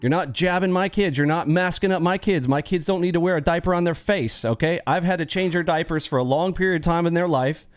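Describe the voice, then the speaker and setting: A man hosts a live trading stream in a blunt, preachy rant, laughing often. His voice sits a little higher than most men's, close and dry, with faint music playing underneath. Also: brisk, hardly any pauses, smooth, dry recording. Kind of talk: casual livestream rant.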